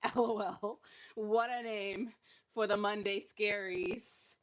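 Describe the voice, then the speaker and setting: A woman's voice: medium pitch, steady tone, slow pace. A woman leading a live-streamed workout as fitness instructor, encouraging and laughing often while she is cramping and feeling unwell.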